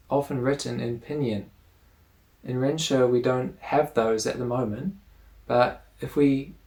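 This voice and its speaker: A man teaching an explanatory lesson, explaining step by step in a patient, measured way. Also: mid-range voice, creaky.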